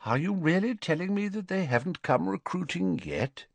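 A serene, very old wizard, as a man puts him on in an audiobook, calm and gently ironic. His voice rises a little above the narrator's own and is unhurried. The sound is close and dry. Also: high voice, creaky, no room sound, voice pushed up, full character voice. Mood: pointed.

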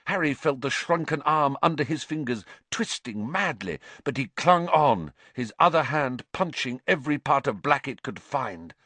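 A man narrating a fantasy novel as an audiobook in a slow, dramatic way. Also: mid-range voice, fairly bright tone, no echo.

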